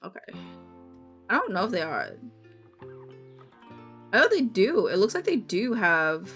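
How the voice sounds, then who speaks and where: A woman's voice: medium pitch, sing-song, a little slow, a bit bright. A woman streaming live, chatting casually and rambling while reading on-screen text aloud. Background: music playing.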